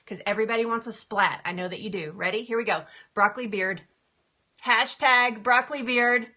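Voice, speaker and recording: A woman's voice: a little high, brisk, sharp tone. A woman hosting a casual live stream, bubbly and giggly, chatting to viewers by name from her kitchen. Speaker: livestream host, health coach. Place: home kitchen. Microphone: phone camera.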